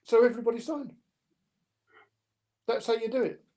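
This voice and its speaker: An older man telling stories in an interview, lively and anecdotal, acting out the dialogue. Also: very high-pitched, moderate pace. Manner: anecdotal, animated, with mimicked dialogue. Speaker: podcast guest. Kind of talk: storytelling interview.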